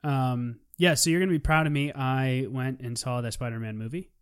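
A man's voice: mid-range voice, fairly even intonation, normal speed, clean tone. A man co-hosting a podcast in casual chat, rambling and joking, laughing at his own lines. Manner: rambling and jokey, laughs often. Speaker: podcast co-host.

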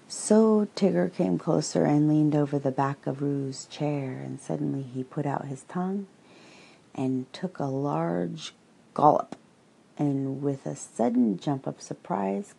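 Slow, husky woman reading a storybook. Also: low voice, mellow, low-quality recording.

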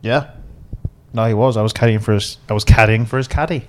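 A man tells stories in a loose, chatty podcast, acting out the people he quotes. His delivery is animated and laughs come easily. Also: lowish voice. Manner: animated storyteller, quick laughs, acts out quotes. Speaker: podcast co-host and caddie. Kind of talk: casual storytelling chat.

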